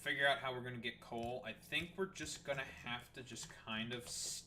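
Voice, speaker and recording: A man's voice: medium pitch, fairly even intonation, fairly quick, bright, forceful tone, recorded from a distance, a little hiss or hum. A man with a Canadian accent giving casual, swearing gameplay commentary as a streamer, rambling and thinking aloud.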